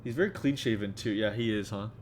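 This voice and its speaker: A man's voice: on the low side, quick pace, a little hiss or hum. A man streaming a game, reading its dialogue aloud with casual, wry asides.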